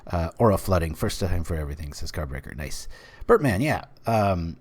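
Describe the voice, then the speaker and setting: Deep-voiced American card-game streamer. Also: male voice, expressive, a little fast, husky. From United States. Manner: rambling, many fillers, chatty. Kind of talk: casual game commentary.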